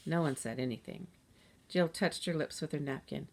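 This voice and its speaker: Woman reading a children's story aloud, lowish voice. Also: moderate pace, vocal fry. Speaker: narrator.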